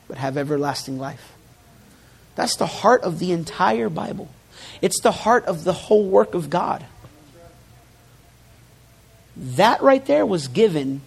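A man preaching a sermon to his congregation, building emphasis through repeated phrases and dropping in joking asides. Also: on the high side. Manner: emphatic preaching with rising, forceful repetitions. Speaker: pastor.

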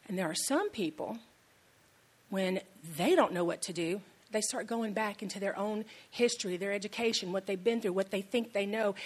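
A woman's voice: mid-range voice, husky. A woman pastor giving a sermon in a conversational, storytelling way, repeating key lines for emphasis.

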